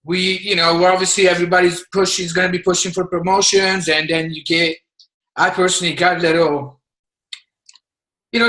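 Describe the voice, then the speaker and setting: A man giving a halting, emotional pep talk to his team over a video call. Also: on the high side, pushed and bright, poor audio.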